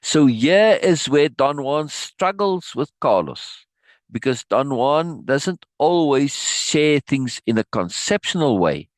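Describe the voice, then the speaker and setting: Animated man reading aloud. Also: medium pitch, slow pace, dry recording. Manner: animated, laughing asides, repeats words when restarting. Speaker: teacher reading aloud and commenting on a book. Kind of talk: reading a passage aloud with asides.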